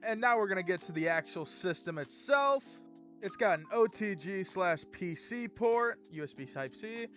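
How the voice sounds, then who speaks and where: A man's voice: high voice, lively intonation, normal speed, fairly bright tone, soft background music. A young man hosting his own channel, chatting casually through an upbeat product review. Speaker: gear reviewer, channel host.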